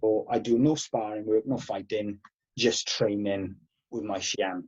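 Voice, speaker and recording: A man in his thirties, a karate instructor guest, telling animated stories and swearing freely. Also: fairly low pitch, unhurried, breathy edge, lo-fi sound. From Wales. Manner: animated, swears freely, acts out past exchanges. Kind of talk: casual podcast storytelling.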